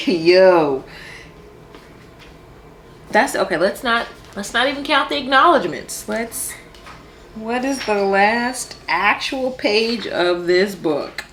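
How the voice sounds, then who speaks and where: A woman's voice: medium pitch, expressive, slow pace, pauses often, fairly bright tone, slight background noise. A woman hosting a book vlog, chatting casually to camera with playful, exasperated humor and frequent laughter. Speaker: book vlogger host.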